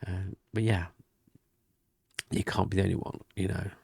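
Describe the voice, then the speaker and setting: A man talking quietly and rambling in a casual diary vlog at home, often half-whispering. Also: sits low, steady tone, moderate pace, vocal fry, husky, dry recording. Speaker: vlogger. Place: home room with thin walls. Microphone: desk mic and webcam.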